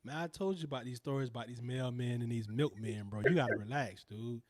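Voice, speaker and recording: A man's voice: mid-range voice, fast talker, crowd noise. A man co-hosting a podcast, talking in a laid-back, slangy way about fighting and family. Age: adult father. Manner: laid-back, slangy, uses extended metaphors. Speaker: podcast co-host. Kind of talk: casual chat.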